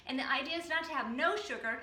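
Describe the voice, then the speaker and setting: A woman from the Boston area hosting a casual cooking demo and giving relaxed healthy-eating advice with frequent ums. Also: high-pitched, fast, roomy sound, slight background noise. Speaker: health program host.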